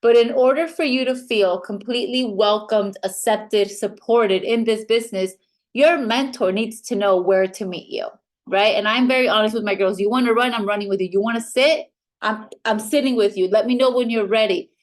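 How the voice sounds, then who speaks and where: Upbeat woman coaching a room of recruits. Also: a little high. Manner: upbeat, direct, acts out quick quoted voices. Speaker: team mentor training new recruits. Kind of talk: training talk to a live group.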